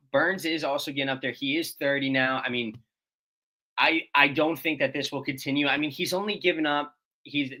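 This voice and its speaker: A man's voice: medium pitch, bright, forceful tone, poor audio. A man co-hosting a morning baseball show, reeling off player stats in easygoing banter. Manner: reads stats, laid-back banter. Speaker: co-host. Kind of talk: casual sports talk.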